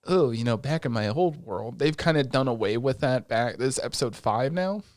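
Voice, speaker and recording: A podcast co-host, a man with a middle-pitched voice, talks fast and loosely, swearing freely and slipping into quick voices as he recaps what he watched. The sound is dry and close, with no room echo. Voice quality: excitable, profane, retells scenes in quoted voices. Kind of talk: casual chat recapping an anime.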